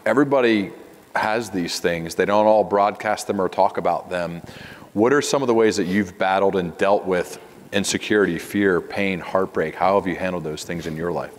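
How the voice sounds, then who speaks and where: A podcast host with a low male voice who asks his questions in a measured, thoughtful way. A long hall reverb trails his speech. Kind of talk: interview questions.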